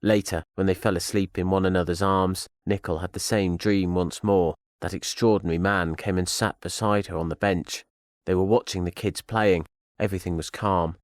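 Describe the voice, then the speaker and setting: A man reading a thriller audio drama as narrator, in a steady storytelling manner. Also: deep voice, normal speed, dry recording, studio quality.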